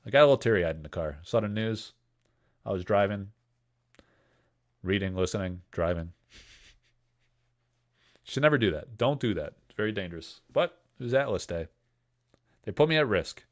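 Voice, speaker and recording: A man's voice: fairly low pitch, lively intonation, normal speed, long pauses. A man hosting a casual livestream, joking and rambling while he reads chat comments aloud. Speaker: livestream host selling card breaks.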